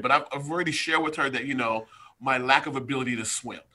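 Bright, animated male storyteller. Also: medium pitch, fast talker. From United States. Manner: animated storyteller, addresses listeners directly. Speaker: podcast guest, strength coach. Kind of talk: casual chat, storytelling.

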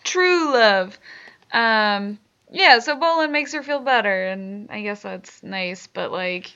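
A woman chatting casually about a cartoon episode, blunt and quick with short interjections and the odd swear. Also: mid-range voice, bright, forceful tone, clean tone. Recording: dull lo-fi sound.

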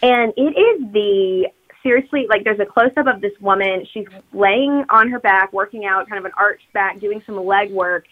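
A woman's voice: medium pitch, moderate pace, few pauses, phone-quality sound. A woman co-hosting a podcast, recapping a movie as a chatty, rambling storyteller. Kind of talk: casual chat recapping a movie.

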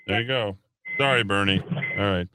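A man's voice: fairly low pitch, normal speed, pushed and bright, clean tone, no echo. A man hosting a talk radio show in casual banter, sarcastic, teasing and blunt, on a studio microphone.

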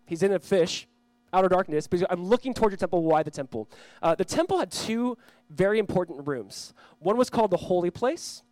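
A male pastor delivers an earnest sermon in a fairly high voice. He swings between loud emphasis and hushed pleading and slows down to read scripture. The recording is close and dry. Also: lively intonation, no room sound. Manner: reads scripture aloud slowly.

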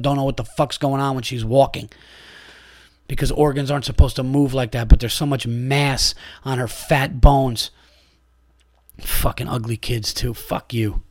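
A man's voice: mid-range voice, dry recording, studio quality. A middle-aged man hosting a podcast, telling listeners a profane, angry, rambling story with lots of restarts. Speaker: podcast host.

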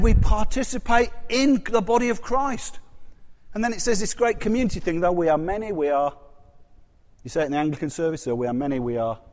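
A man preaching a sermon in a church hall, animated and full of rhetorical questions, his voice rising and dropping sharply. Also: high voice. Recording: long hall reverb.

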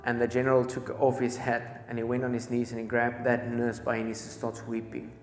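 A man's voice: mid-range voice, monotone, fairly quick. Man, preacher, sermon storytelling, repeats phrases, echoey church hall, faint music behind.

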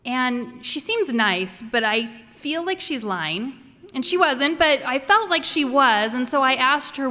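A woman's voice: high voice, lively intonation, a little slow, sharp tone. A woman telling a personal story before an audience, conversational and wryly humorous. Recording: echoey hall.

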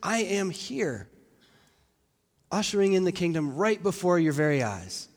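Man doing Jesus, earnest calm teacher, somewhat high voice, long church echo. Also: measured pace, exaggerated voice.

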